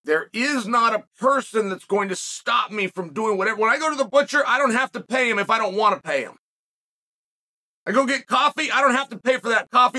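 A middle-aged man with a high, sharp voice hosts a podcast. He delivers a reflective commentary monologue packed with rhetorical questions and frequent restarts.

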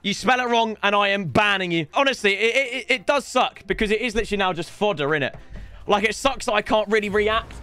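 A young man streaming and commentating live as he opens game packs, excitable and breaking into shouted celebrations. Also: high voice, fast, clean tone, faint music behind.

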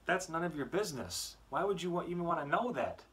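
A man's voice: on the high side, expressive, fast, fairly bright tone, distant mic, voice pushed up. A man voicing a tired, irritable father who snaps in a raised, exasperated voice.

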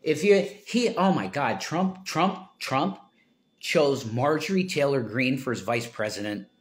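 A man's voice: medium pitch, lively intonation, a little slow. Rambling man ranting about politics. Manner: rambling, self-interrupting, swings from mumbling to loud exasperation. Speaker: political commentator. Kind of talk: casual rambling monologue.

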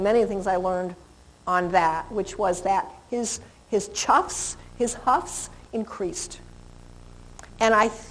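A woman with a fairly high voice teaches a live seminar on dog behavior. She is animated and talkative, and she imitates sounds as she goes. She often turns to the audience with questions.

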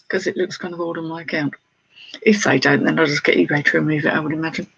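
A man's voice: on the high side, fairly even intonation, fast, gravelly, a bit bright, breathy edge, no room sound. A British man chatting casually as an online reseller, showing his sales and greeting viewers in a self-deprecating way. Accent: British English. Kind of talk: casual vlog chat. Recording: slightly dull lo-fi sound with faint noise.

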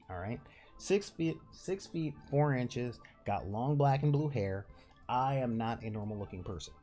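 A man's voice: medium pitch, expressive, unhurried, mellow. A man with a nasal voice hosting his own channel, talking casually and rambling with laughs and restarts. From Southern California. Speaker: channel host. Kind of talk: casual direct-to-camera talk.

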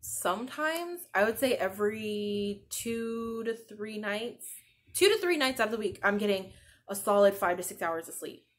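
A woman in her thirties hosts a casual podcast, talking in a loose, rambling way with plenty of filler words. She is short on sleep as a new mother. Her voice sits at an ordinary, middle pitch. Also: lively intonation, moderate pace. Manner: chatty, rambling, peppered with "like". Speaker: podcast host. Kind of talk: casual chat.

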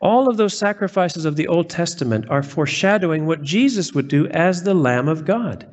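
A man's voice: a little high, expressive, normal speed. A man preaching a sermon as pastor, reading scripture aloud and stressing quoted words earnestly.

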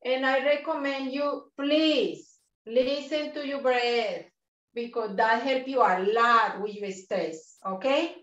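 A woman leading a guided breathing and chair yoga class over a video call, speaking slowly and encouragingly and repeating her instructions. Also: high-pitched, a bit bright. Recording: roomy, distant, dull video-call sound.

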